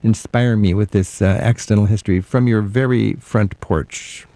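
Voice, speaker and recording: A man's voice: on the low side, fairly even intonation, moderate pace, warm tone, no echo. A man hosting a travel radio show, chatting with a guest in a folksy, enthusiastic way with frequent ums. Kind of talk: relaxed interview chat.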